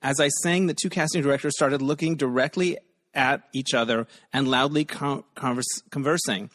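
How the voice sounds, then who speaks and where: A man hosting a podcast game over a video call, upbeat and quick with puns, laughing often. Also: mid-range voice, fairly even intonation, a bit bright. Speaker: podcast host.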